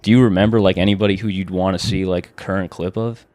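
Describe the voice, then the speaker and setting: A man hosting a podcast, talking loosely and rambling with easy laughs. His voice is on the low side and sounds close and dry. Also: fairly even intonation, quick pace, mellow, no echo. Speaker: podcast host. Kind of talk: casual podcast chat.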